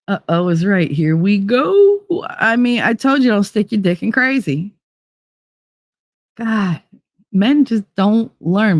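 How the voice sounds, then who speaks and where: A woman's voice: deep voice, dry recording, clean studio sound. A woman hosting a livestream talk show, chatting casually with her audience as a blunt, profane, laughing storyteller who slips into put-on accents. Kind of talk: casual chat to a live chat audience.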